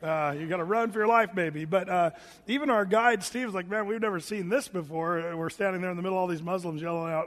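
A man's voice: high voice, fairly quick, fairly bright tone, long reverb tail. A man preaching a sermon in a chatty, rambling way, full of fillers and restarts. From United States. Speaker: pastor.

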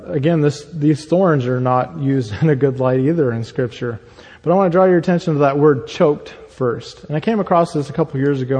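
A man gives a sermon with a mellow, dark tone, walking through Bible passages as he teaches. He often pauses on fillers and restarts his sentences. His voice carries a long reverb, as if he were in a large hall. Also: mid-range voice. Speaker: preacher.

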